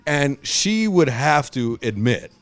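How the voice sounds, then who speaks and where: A man hosting a podcast, telling stories in casual chat, swearing a lot and loudly acting out what people said. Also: mid-range voice, very animated, takes it slowly, no room sound. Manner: profane, storytelling, acts out quotes loudly. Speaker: podcast host.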